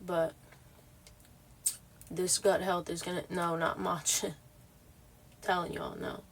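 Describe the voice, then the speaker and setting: A woman livestreaming in casual chat, sounding exhausted and talking bluntly with lots of swearing and halting restarts. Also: on the low side, level tone, a little hiss or hum.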